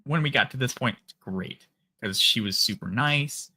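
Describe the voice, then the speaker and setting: A man with a Minnesota accent, hosting a live stream and casually telling a long story, acting out phone calls in animated voices. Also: mid-range voice, normal speed.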